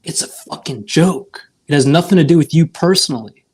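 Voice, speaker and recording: A man's voice: on the high side, lively intonation, a little fast, darkish tone, husky. Man, defensive, exasperated, swearing, live-stream argument. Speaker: watch community member.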